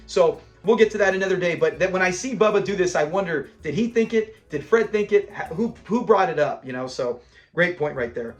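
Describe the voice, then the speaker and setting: A man's voice: sits high, fairly quick, faint music behind. A man hosting a casual breakdown of a classic sitcom episode, chatty and enthusiastic, often laughing as he recaps scenes. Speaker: show review host.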